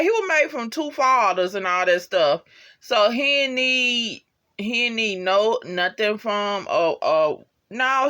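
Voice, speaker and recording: Vlog reviewer, middle pitch, slangy, profane, rambling, filler-heavy. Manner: rambling, slangy and profane, full of "you know" asides; animated, laughs at favorite moments. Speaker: TV show reviewer. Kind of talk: casual episode review vlog.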